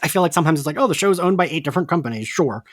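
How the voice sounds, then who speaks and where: A man's voice: on the high side, lively intonation, rapid-fire. A man co-hosting a casual podcast chat, talking loosely and acting out quoted lines. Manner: chatty, acts out quoted lines. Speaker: podcast co-host.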